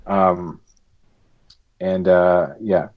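A man's voice: sits low, fairly even intonation, very slow, phone-quality sound. A man, a podcast co-host, telling a story in casual chat, swearing and laughing along the way. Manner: swears a lot, laughs while telling stories.

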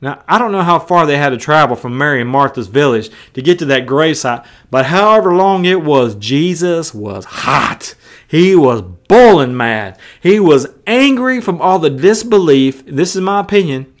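A man preaching a sermon in a fairly high voice, leaning hard on his points. He talks conversationally, slipping casual asides between passages of scripture. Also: lively intonation, moderate pace. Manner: emphatic and conversational, with colloquial asides.

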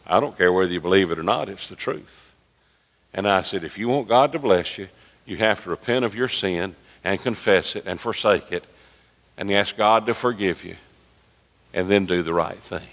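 A man preaching a sermon as pastor, emphatic, with dramatic pauses and retold conversations. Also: sits low, gravelly, fairly bright tone. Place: church sanctuary. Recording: echoey sanctuary with long reverb.

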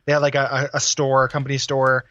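A man's voice: mid-range voice, completely flat delivery, fast talker, sharp tone, no echo, muffled recording. A man co-hosting a podcast, talking casually in a rambling way with many fillers and restarts. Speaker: podcast co-host. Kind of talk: casual chat.

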